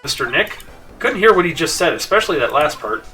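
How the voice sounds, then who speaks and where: A man's voice: on the high side, sing-song, fairly quick, sharp tone, far from the mic, soft background music. A man voicing a perky young female assistant who asks blunt, teasing questions. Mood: curious.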